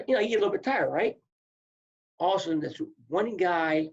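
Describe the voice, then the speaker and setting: A man spins stories from his competing days in a rough, gravelly voice with a breathy edge. He talks casually and gets animated, often repeating words as he goes. The audio sounds muffled and lo-fi. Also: fairly high pitch. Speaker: guest, former wrestler and coach. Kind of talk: casual storytelling.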